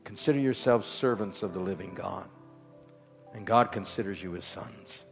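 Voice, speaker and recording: A man preaching a sermon with rhythmic repetition, swinging from loud exhortation to soft, low lines. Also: moderate pace, gravelly. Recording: long hall reverb with faint music.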